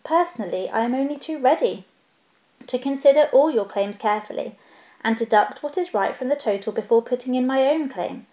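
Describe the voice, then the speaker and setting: A woman voicing a small, earnest male hobbit who talks with prim, businesslike courtesy and a slight squeak. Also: a little fast, warm tone, natural voice. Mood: polite, earnest. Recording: roomy echo.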